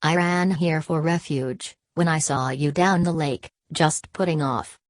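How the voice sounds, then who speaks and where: Lady narrator doing a lively outspoken young woman, low dry read. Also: a little slow, dry recording. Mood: eager. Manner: exclaiming, eager.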